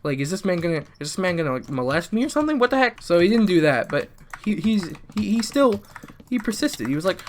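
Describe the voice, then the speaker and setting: A teenage boy from the American South, a YouTuber, rambles through a joking storytime over gameplay, restarting often and muttering at the game. His voice sits high, he is very animated and talks fast, and there is slight background noise.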